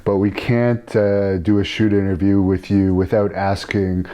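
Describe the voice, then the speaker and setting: A man's voice: deep voice, flat delivery, unhurried, warm tone. A male host asking questions casually and directly in an interview.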